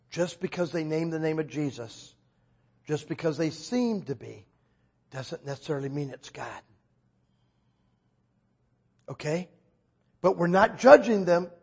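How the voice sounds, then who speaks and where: A man preaching a conversational sermon, telling stories and acting out dialogue with sudden loud outbursts. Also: fairly high pitch, vocal fry, husky.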